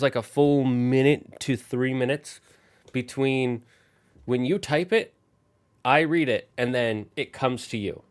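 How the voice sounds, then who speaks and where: Rambling male game streamer, mid-pitched. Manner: rambling, talks straight to his chat. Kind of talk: casual live-stream chat while gaming.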